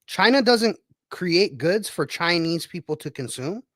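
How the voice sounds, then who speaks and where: Male co-host, high voice that leaps around, brash and profane. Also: a little slow, no room sound, studio quality. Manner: animated, profane, calls others bro. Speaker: podcast co-host. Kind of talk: casual podcast chat.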